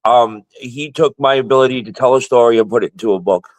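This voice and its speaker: A man hosting a casual talk show speaks in a mid-pitched voice. He is blunt and easygoing, and he drops curse words without a second thought. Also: quick pace, low-quality recording. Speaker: host. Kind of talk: casual chat.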